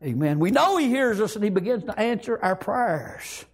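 A fervent male preacher whose voice sits very high for a man and swings widely up and down. It has a gravelly edge and a husky texture. He bursts into shouts and keeps punctuating his lines with "praise God" and "amen". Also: big pitch swings, moderate pace. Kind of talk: impassioned sermon.

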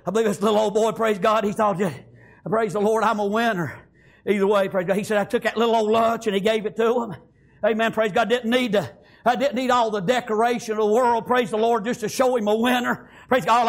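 Fervent high-voiced preacher. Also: male voice. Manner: fervent, frequent "praise God" and "amen", storytelling. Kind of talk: sermon.

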